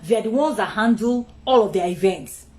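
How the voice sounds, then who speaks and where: A woman hosting a live stream, telling a personal story in an animated, chatty way, with many asides, and greeting viewers as they join. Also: medium pitch, moderate pace. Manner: talkative, with many asides and restarts.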